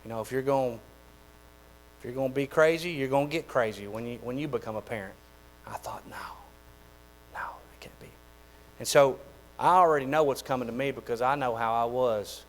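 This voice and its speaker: A man, preaching a sermon in a folksy, animated way with lots of repeated phrases. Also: mid-range voice, quick pace, low-quality recording. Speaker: pastor.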